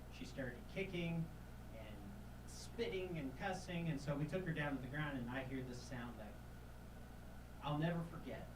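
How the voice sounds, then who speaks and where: Tennessee guy telling stories on a podcast, lots of uh, kinda far from the mic, roomy echo and hiss behind him. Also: moderate pace. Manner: hesitant with many fillers, jumps to loud high voices quoting people. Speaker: podcast guest. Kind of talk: casual storytelling.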